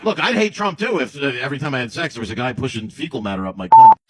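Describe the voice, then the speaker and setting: A man's voice: medium pitch, wildly swooping pitch, quick pace. A man doing a stand-up comedy set, crude and mocking, swearing often. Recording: noisy live show recording.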